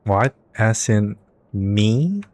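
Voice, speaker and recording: A woman streaming a game, reacting in a chatty, excitable way. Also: very deep voice, drawn-out words, dry recording. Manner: chatty, excitable, stumbling on names.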